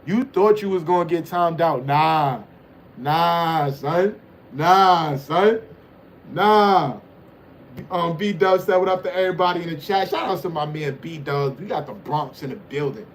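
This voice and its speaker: A man's voice: fairly high pitch, measured pace, a little hiss or hum. A man hosting a livestream, reading the chat and joking around in loose, teasing banter. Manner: loose, teasing banter with frequent "you know what I'm saying".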